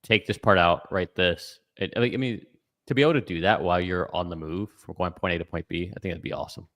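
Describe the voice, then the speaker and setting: A man's voice: low voice, animated, fast. A man co-hosting a podcast, joking around and using lots of fillers while acting out spoken commands. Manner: jokey, filler-heavy, acts out commands. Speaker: podcast co-host. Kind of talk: casual panel chat.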